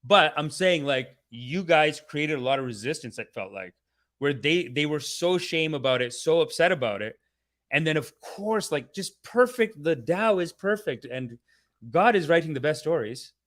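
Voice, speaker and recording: Brief: young man with a fairly high voice, profane and animated. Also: moderate pace. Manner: animated and profane, acting out others in mock voices. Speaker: show host reviewing a documentary series. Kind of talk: casual rambling review monologue.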